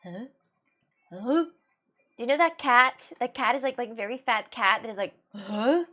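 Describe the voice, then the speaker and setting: At a normal speed, in a voice on the high side with a sharp tone, a young Russian-native woman has a casual livestream chat with viewers. She comes across as scattered and giggly, often laughing and beginning sentences again.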